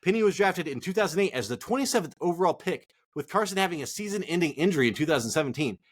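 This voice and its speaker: Talking very fast with lively intonation, a man with a fairly high voice rants casually and swears hotly. He's a co-host on a fantasy football podcast.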